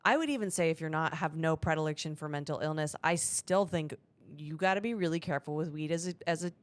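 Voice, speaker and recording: A woman comedian co-hosting a casual, joking podcast chat with quick tangents. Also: sits low, dry recording.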